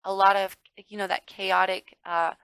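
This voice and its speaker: A woman's voice: mid-range voice, little pitch movement, moderate pace, vocal fry, fairly bright tone, smooth, no echo, low-quality recording. A woman giving a casual tarot reading to viewers. She talks emphatically, calls the listener darling and baby, swears now and then, and gets worked up. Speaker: tarot reader.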